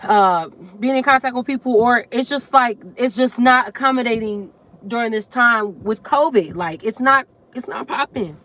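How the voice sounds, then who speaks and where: A woman's voice: fairly high pitch, moderate pace, fairly bright tone. A woman on a casual live stream, subdued and emotional, holding back tears as she talks herself up, speaking into a handheld phone in a parked car. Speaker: vlogger hosting a live stream.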